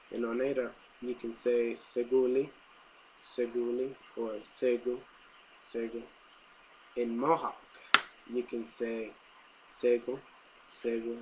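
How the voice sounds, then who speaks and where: A man talking casually to camera, saying each word twice and adding quick apologetic asides. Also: mid-range voice, slight background noise, low-quality recording. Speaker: language vlogger.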